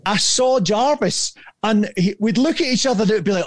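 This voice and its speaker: A middle-aged man telling a rambling, animated story as a podcast guest, swearing freely and laughing at himself. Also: sits high, brisk, no echo. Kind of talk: casual anecdote telling.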